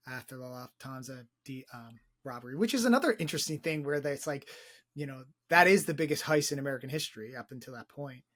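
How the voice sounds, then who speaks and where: A man's voice: mid-range voice, fairly bright tone. A young man co-hosting a film podcast, talking enthusiastically in a rambling way, repeating words and swearing freely. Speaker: podcast co-host. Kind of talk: casual film discussion.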